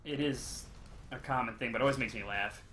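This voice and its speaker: A man's voice: medium pitch, a little fast, sharp tone, slight background noise. A young man chatting casually on a game stream, rambling with many ums and uhs. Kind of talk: casual chat while gaming, reading chat.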